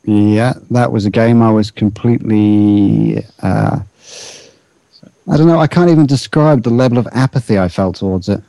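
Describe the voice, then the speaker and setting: A man's voice: fairly low pitch, moderate pace, mellow, no room sound, rough recording. A man co-hosting a casual gaming chat, with a dry, understated humor. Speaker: podcast co-host.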